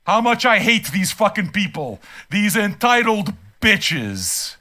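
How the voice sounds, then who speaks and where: An older man hosting a music reaction stream, ranting bluntly and swearing, often rising into shouts. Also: high-pitched, sing-song, slow, few pauses.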